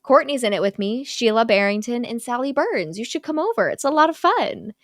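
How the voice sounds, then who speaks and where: Young woman, casual chat, animated storyteller, dry close sound. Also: a little high, a little fast, no echo. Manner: animated storyteller, acts out film characters in quotes. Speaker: podcast host recapping a film.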